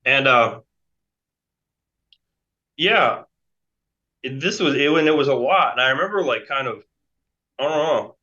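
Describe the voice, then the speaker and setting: A man's voice: mid-range voice, lively intonation, a little slow, pauses often, sharp tone. An American man in his forties telling a long story as a guest, rambling with many fillers and restarts. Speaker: interview guest. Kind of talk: casual storytelling. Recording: dull lo-fi sound.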